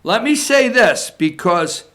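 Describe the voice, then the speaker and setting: A man's voice: high-pitched, very animated, slow pace, bright, forceful tone. Emphatic man with a raised voice. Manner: emphatic, repeats points, tags lines with "okay?". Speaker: political commentator. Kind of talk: opinion monologue.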